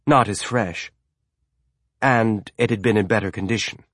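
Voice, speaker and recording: A man reading a novel aloud as an audiobook narrator, with a measured, even storytelling delivery. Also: fairly low pitch, no room sound, clean studio sound. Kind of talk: scripted narration.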